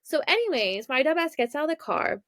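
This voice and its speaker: A woman's voice: high voice, sing-song, a little fast, a bit bright, no echo, clean studio sound. A young woman from Maryland, hosting a podcast and telling a story in a chatty, self-mocking way with lots of asides. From Maryland, USA. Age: young adult. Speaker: podcast host. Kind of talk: casual storytelling.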